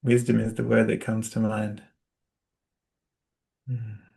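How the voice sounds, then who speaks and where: A man with an Australian accent interviewing a teacher in a casual conversation, speaking softly with hesitant fillers. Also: on the low side, completely flat delivery, slow, gravelly. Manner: soft-spoken, hesitant with fillers, laughs lightly.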